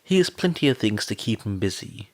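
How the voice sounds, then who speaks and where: A man voicing a kindly adult scientist who cares for a child, patient and gently teasing, in a fan audiobook reading. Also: lowish voice, very animated, fairly quick.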